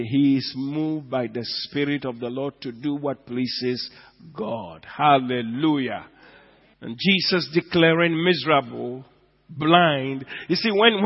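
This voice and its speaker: A man preaches a sermon in a high, ringing voice, dropping to near hushes and then surging loud as he stretches key words. The recording is dull and lo-fi, with a long reverb trailing through the church hall. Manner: swings from hushed to loud, drawing out words for emphasis. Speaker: pastor.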